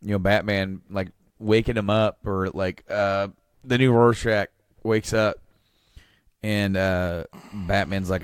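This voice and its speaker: A man co-hosting a podcast, talking casually with a halting, laid-back manner. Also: lowish voice, fairly even intonation, clean tone, dry recording, clean studio sound. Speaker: podcast co-host. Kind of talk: casual comic book chat.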